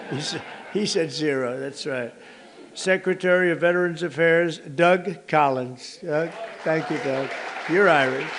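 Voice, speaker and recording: A man's voice: on the high side, slight background noise. An American man in his seventies giving a rambling ceremonial speech at a podium indoors, wandering into teasing asides to guests in the room. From United States. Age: 70s. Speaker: head of state hosting a ceremony. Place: formal indoor reception room.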